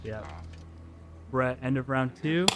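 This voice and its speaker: Podcast host guy, mid-pitched, runs the quiz, swears a lot and jokes around. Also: slow pace, heavy background noise. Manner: game-show style, crude and joking. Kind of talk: casual chat.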